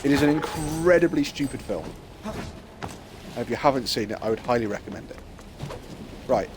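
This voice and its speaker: A man live-streams a video game, chatting playfully and rambling as he comments on the gameplay, laughing often. His medium-pitched voice is expressive and moderately paced, set against a noisy background with game music playing.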